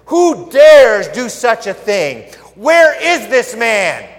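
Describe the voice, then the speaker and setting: A man voicing a shocked and furious king who shouts demands at the people around him. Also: very high voice, very animated, slow, big-room sound, pitched above the performer's own voice, heavily acted. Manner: shouting, outraged.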